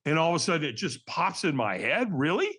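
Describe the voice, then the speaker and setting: An older man, a podcast guest, telling a personal story in a candid, earnest way and acting out old conversations with lively energy. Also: a little high, fast, husky. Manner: animated, acts out remembered dialogue.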